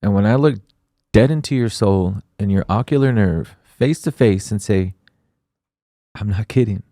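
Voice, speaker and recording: Male podcast co-host, low voice, earnest rambling, joking asides, dry recording. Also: moderate pace, dark tone, no echo. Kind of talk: casual chat.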